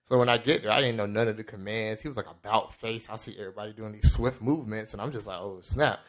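Animated young man telling a story. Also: racing. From Florida. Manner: animated storyteller, acts out quoted lines with big pitch jumps, laughs often. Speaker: podcast co-host. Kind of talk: casual storytelling chat.

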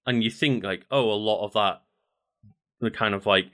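A man co-hosting a casual podcast chat, talking in a relaxed, rambling way full of filler words. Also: on the low side, moderate pace. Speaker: podcast co-host. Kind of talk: casual chat about video games.

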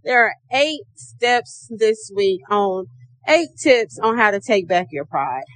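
Croaky-voiced woman podcast host. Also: lively intonation, takes it slowly, a bit bright, no room sound. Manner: encouraging, calls listeners baby and sis; acts out her own thoughts in a higher voice. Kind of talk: casual motivational podcast talk.

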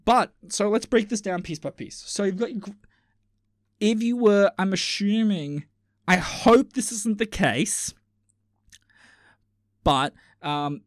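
An excitable man with a somewhat high voice, reading posts to his stream and breaking into loud outbursts and curses. The sound is dry and close, with no room in it. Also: no echo. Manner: excitable, swears, bursts into loud exclamations. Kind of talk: casual chat with commentary.

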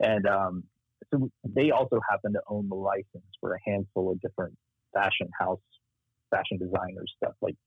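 A man's voice: lowish voice, breathy edge, no echo. A man from Texas with a Texas accent, telling stories from his marketing career in a casual interview. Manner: animated storyteller, acts out quoted voices. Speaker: marketing strategist guest. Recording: tinny phone-like line.

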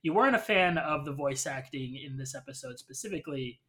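A man's voice: fairly high pitch, expressive, fairly quick, bright, forceful tone. A man hosting a podcast who talks at length in casual conversation, explaining his views with fillers. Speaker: podcast host. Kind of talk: casual chat reviewing a show.

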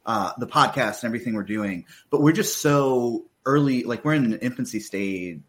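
A man's voice: medium pitch, animated, normal speed. A man hosting a podcast in a casual chat, friendly and reading out chat comments. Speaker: podcast host.

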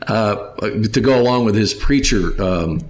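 A man hosting a casual podcast, reading out listener questions and laughing along with his co-host. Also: on the low side. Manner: chatty, rambling with fillers and restarts, laughs along.

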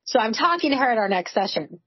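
A woman's voice: on the high side, sing-song, fast, husky, dry recording, dull audio. A woman in her forties, a podcast co-host, telling candid stories in casual chat, full of "like" and swearing. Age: 40s. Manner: candid, swearing, storytelling with lots of "like".

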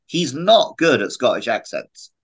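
A man in his thirties talks over a movie in relaxed podcast chat. His pitch sits at a typical middle level. He laughs easily and pokes fun at his co-hosts. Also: a little slow, slightly rough, rough recording. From United Kingdom. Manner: chatty, laughs often, teasing. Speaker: podcast co-host. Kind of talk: casual chat.

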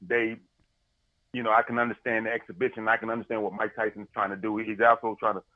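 A man's voice: on the low side, fast, no room sound, narrow, tinny audio. A man co-hosting a podcast, telling a story in casual sports chat with lots of energy and paraphrase. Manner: animated storyteller, paraphrasing and laughing. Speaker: podcast co-host.

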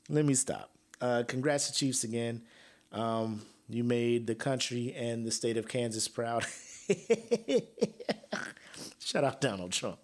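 Gravelly dude on a solo podcast, trash-talking and laughing a lot. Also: male voice, medium pitch, slow, pauses often. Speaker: podcast host. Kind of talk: casual solo podcast rant.

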